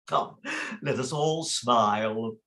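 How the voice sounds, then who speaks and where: A man's voice: mid-range voice, slow, sharp tone. A man reading the part of a fussy, blustering father of the bride in an amateur play reading. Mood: jovial. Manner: blustering, fussing, mock-solemn.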